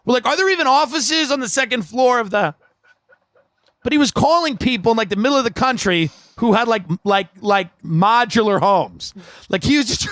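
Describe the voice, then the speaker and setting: A man telling a comedic story, animated and profane, acting out the people in it with bursts of shouting. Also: extremely high pitch, moderate pace, no room sound.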